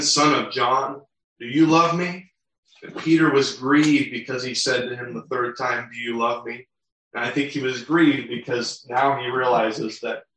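A man's voice: mid-range voice, fairly bright tone. A male pastor delivering a sermon, reading scripture aloud and explaining it verse by verse. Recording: very echoey room, mic far off.

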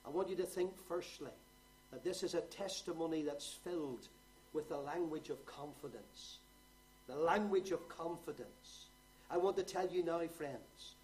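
A man preaching a sermon, moving from quiet explanation to loud, rising exhortation. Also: on the high side, normal speed, poor audio.

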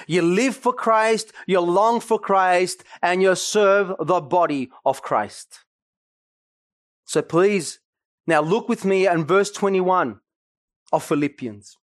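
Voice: mid-range voice, no echo, studio quality. A pastor preaching a sermon emphatically, with asides to the congregation.

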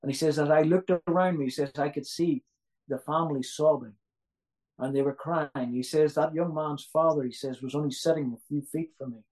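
Preacher guy giving a sermon, voice on the higher side, keeps repeating himself for emphasis and firing questions at the crowd. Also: steady tone, brisk, darkish tone, low-quality recording. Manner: earnest, repeats key phrases for emphasis; asks the audience rhetorical questions.

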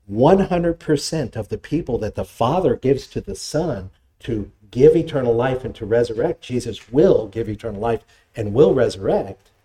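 A man preaching a sermon, with animated delivery and scripture quotations. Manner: animated preaching, dramatic pitch swings, reads scripture quotes. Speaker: pastor.

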